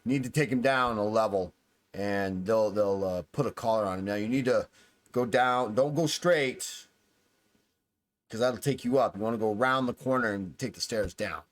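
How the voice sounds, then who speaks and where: A man's voice: fairly low pitch, normal speed, lightly acted. A man voicing a large, bored, irritable human guard who barks out orders in a tabletop game. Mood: instructing. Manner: gruff, shouting orders.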